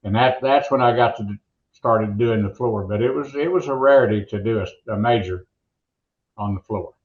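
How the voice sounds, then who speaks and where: A man's voice: on the low side, normal speed, darkish tone. An older man, a veteran announcer, telling stories and jokes in a rambling, folksy way during an interview. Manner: folksy joke-teller, rambling restarts. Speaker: veteran monster truck announcer, guest. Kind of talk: casual interview storytelling. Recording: echoey, muffled remote line.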